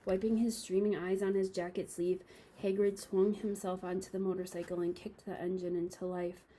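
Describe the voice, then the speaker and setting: A woman reading a children's novel aloud to a class, calm and steady with small slips. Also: fairly low pitch, moderate pace, slightly rough, rough recording.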